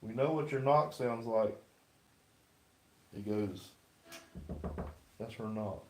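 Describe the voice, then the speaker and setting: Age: adult. Sex: man. Role: paranormal livestream host. Style: casual ghost hunt, insistent questions to a spirit. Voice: dark, mellow. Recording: echoey room inside a house. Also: mid-range voice, slow, a little hiss or hum.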